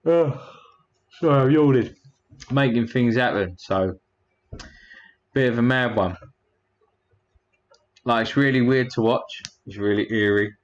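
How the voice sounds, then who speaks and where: A man's voice: medium pitch, a little slow, long pauses, highs cut off. A man hosting a casual livestream, rambling and a bit crude as he thanks his chat one by one. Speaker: livestream host.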